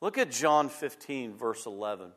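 A man pastor preaching a sermon, emphatic and repeating his key phrases, swinging between loud bursts and quiet moments. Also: medium pitch, big pitch swings, moderate pace.

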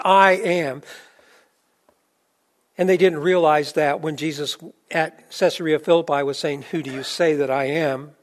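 A man's voice: steady tone, unhurried. Man preaching a sermon, rising and falling. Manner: rising to emphatic peaks, then dropping low and soft; conversational, with fillers and restarts. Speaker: pastor.

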